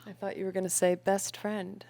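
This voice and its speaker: A woman in her late twenties co-hosting a casual podcast from home, dry and deadpan with short replies. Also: medium pitch, moderate pace, gravelly. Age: late 20s. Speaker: podcast co-host. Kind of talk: casual chat.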